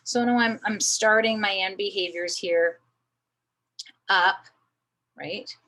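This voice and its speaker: A woman's voice: mid-range voice, slow, pushed and bright, low-quality recording. A woman teaching a math lesson, thinking aloud as she draws a graph, with many fillers. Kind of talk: recorded screen lesson.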